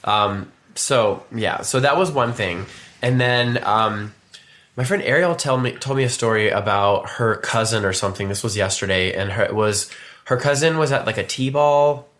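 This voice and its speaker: A man's voice: lowish voice, normal speed, fairly bright tone. A man, co-hosting a podcast and rambling through a story with many restarts. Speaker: podcast co-host. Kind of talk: casual chat.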